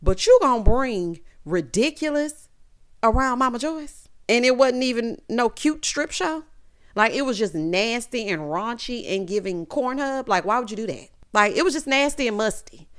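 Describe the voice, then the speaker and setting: Brief: sassy female recap host, animated delivery, slightly high voice. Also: moderate pace. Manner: sassy, dramatic storytelling with lots of 'honey' and 'child'. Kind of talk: casual recap commentary.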